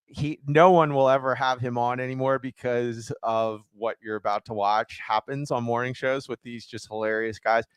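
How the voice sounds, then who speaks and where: A man's voice: mid-range voice, clean tone, no echo. A man co-hosting a podcast in casual chat, stammering through restarts as he thinks aloud. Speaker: podcast co-host.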